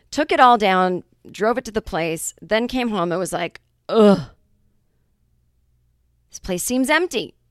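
A woman hosting her comedy podcast, talking in a chatty, self-mocking monologue with quick asides. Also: mid-range voice, no room sound, clean studio sound.

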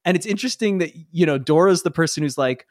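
A man's voice: on the high side, quick pace, no room sound, clean studio sound. A man narrating as game master of a tabletop role-playing game, chatty, laughing, and full of fillers.

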